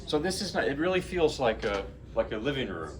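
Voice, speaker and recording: A man with a mid-range voice talks very animatedly and a little fast, with a crowd audible behind him. He's a New Jersey pianist giving a lecture-recital, chatting casually between pieces in a small recital room that feels like a living room, rambling, cutting off his own sentences and staying lighthearted. The mic sits at a distance, picking up faint room ambience.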